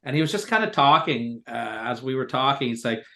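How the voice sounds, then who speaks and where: A man's voice: medium pitch, expressive, fairly quick, bright, forceful tone. A man, a podcast co-host who also works as a ring announcer, telling stories in a rambling style full of fillers. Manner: rambling, filler-heavy storytelling. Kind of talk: casual podcast chat.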